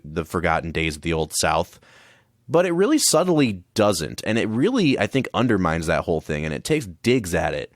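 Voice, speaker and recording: Male co-host, low and animated, analytical, dry close mic. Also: dry recording. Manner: thoughtful, enthusiastic, analytical. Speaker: podcast co-host. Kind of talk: casual film discussion.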